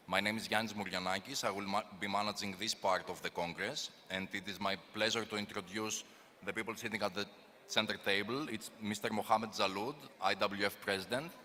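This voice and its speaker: A man's voice: lowish voice, fairly even intonation, sharp tone. Formal man opening a congress. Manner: formal, halting with small restarts. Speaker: congress moderator. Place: large conference hall. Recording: echoey conference hall, faint ambience.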